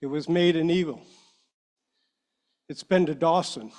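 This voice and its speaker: High-voiced man speaking earnestly. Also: a little mellow. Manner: earnest, halting, emotional. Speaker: panel member at a public meeting. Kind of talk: heartfelt speech at a meeting. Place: meeting room.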